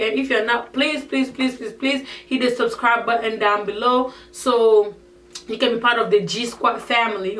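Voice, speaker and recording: A woman's voice: on the high side, a bit bright. A woman vlogger talking casually to camera in an emphatic rant, peppering her talk with "like". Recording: echoey room, mic at a distance.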